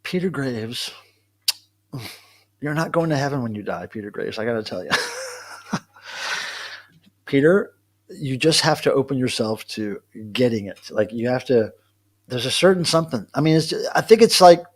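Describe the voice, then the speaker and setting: A man's voice: medium pitch, expressive, normal speed, long pauses. A man hosting a casual live stream from home, chatting in a rambling way and answering viewers' comments. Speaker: livestream host. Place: at home with his cats.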